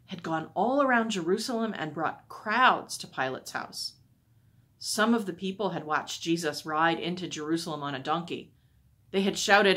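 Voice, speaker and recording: A woman on a church staff reading a Bible story aloud to children, expressive and asking wondering questions. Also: fairly low pitch, normal speed.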